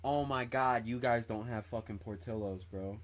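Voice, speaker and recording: A young man from northern Indiana chatting casually on a livestream, reading viewer comments and rambling excitably, swearing a lot and saying "bro" constantly. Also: mid-range voice, moderate pace. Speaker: streamer.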